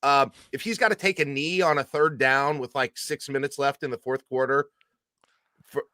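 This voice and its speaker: A man's voice: medium pitch, steady tone, moderate pace, sharp tone, dry recording, clean studio sound. A man co-hosting a casual sports podcast, jokey and rambling. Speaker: podcast co-host.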